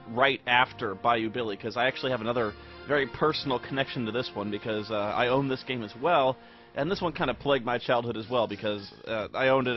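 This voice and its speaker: A mid-voiced American man rambles through a casual commentary, dry and sarcastic as he circles back on his own sentences. The recording is muffled and lo-fi, with quiet music playing low behind him. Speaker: game reviewer. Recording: dull lo-fi recording with faint music.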